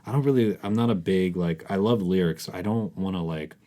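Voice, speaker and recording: A man's voice: low-pitched, brisk, warm tone. A man co-hosting a music podcast, talking hesitantly in casual chat and often trailing off. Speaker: podcast co-host.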